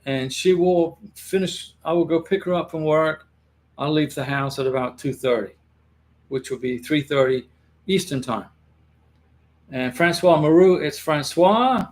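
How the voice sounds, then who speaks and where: Middle-aged guy on a home livestream, kinda high voice, rambles, lots of "the, the" restarts. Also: measured pace, a little mellow. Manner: rambling, repeats words and restarts often. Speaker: livestream host giving immigration advice. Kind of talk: casual live chat reading viewer comments.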